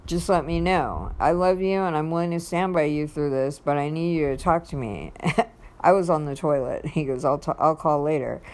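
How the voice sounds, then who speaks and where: Low-voiced woman telling a personal story. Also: darkish tone. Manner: rambling, reads out text messages, frequent fillers. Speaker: vlogger.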